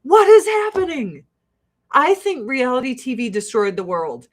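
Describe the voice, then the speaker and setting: A woman's voice: high voice, animated, a little slow. A woman in her forties ranting on a casual livestream, profane, heated and sarcastic.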